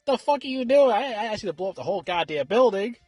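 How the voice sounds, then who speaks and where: A man's voice: high voice, expressive, quick pace, dry recording, pitched above the performer's own voice. A man putting on a furious unhinged cop. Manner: yelling, cursing.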